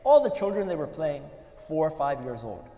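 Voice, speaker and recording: Guy preaching in a big echoey hall, bit high voice, earnest storytelling. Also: sing-song, warm tone. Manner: earnest, storytelling with pauses, some restarts. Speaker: speaker at a religious gathering. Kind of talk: sermon storytelling. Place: mosque hall. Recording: echoey hall with long reverb.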